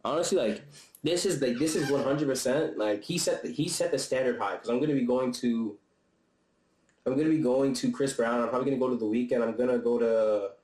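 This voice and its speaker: A man's voice: medium pitch, a little fast, darkish tone. Young man in a casual vlog, echoey room. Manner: loose, slangy and profane, with frequent laughs and restarts. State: slightly out of breath. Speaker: vlogger reviewing a concert. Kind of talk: casual chat. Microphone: camera-mounted mic.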